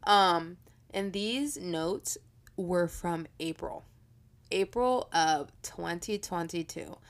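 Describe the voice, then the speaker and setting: A woman's voice: lowish voice, slow pace. Chatty, profane young woman podcaster. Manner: chatty, profane, laughs often. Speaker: podcast host. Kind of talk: casual storytelling podcast.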